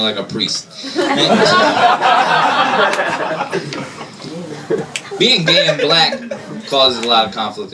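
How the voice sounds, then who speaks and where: A man's voice: fairly high pitch, very noisy. A man performing a stand-up comedy set on a club stage, self-deprecating and laughing between lines. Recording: distant mic, loud crowd laughter.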